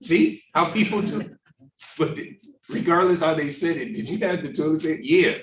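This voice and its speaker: Animated man teaching an echoey Bible class. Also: a little high, moderate pace, slight background noise. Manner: animated, acts out other people's lines in put-on voices. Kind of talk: informal Bible study discussion. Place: church classroom. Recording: echoey room, mic at a distance.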